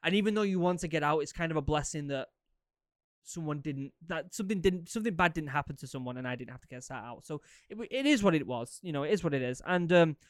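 Man, thirties, podcast host, rambling storyteller, slightly high voice, smooth clear tone, dry close sound. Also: quick pace, no room sound. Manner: rambling, animated, lots of fillers and repeats. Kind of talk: casual storytelling, answering listener questions.

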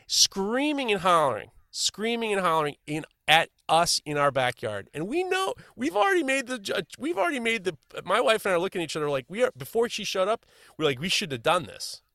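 In a dry, close recording, a middle-aged man chats casually and spins a meandering tale, his bright, forceful voice sitting high. He talks fairly quickly, tripping over words and starting again, and stays lively all the way through.

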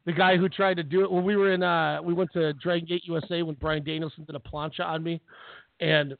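Man, high voice, dry close sound, casual podcast chat, rambling stories. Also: level tone, fast, gravelly, dry recording. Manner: rambling storyteller, laughs often. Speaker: podcast co-host. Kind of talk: casual wrestling fantasy draft chat. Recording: tinny phone-line audio, dry.

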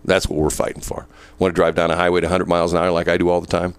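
A man's voice: low-pitched, monotone, racing, clear, resonant tone. An older man hosting a radio show, telling stories in boisterous, casual banter from a studio microphone. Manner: storytelling, boisterous, repeats words.

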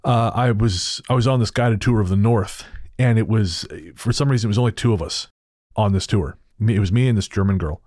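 A man co-hosting a podcast, talking in a halting way with restarts and self-deprecating laughs. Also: lowish voice, darkish tone, no room sound, clean studio sound. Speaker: podcast co-host. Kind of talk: casual chat.

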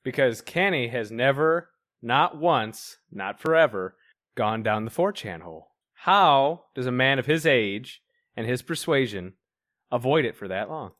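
A man's voice: mid-range voice, lively intonation, a little slow, fairly bright tone, dry recording, studio quality. A man co-hosting a casual talk show, talking crudely and chuckling while he browses online content. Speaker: co-host reacting to online content. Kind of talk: casual profane chat.

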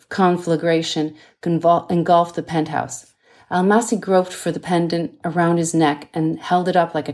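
Audiobook: author reads her thriller, low-ish female voice, measured and dramatic. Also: darkish tone. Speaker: author reading her novel. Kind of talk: audiobook narration.

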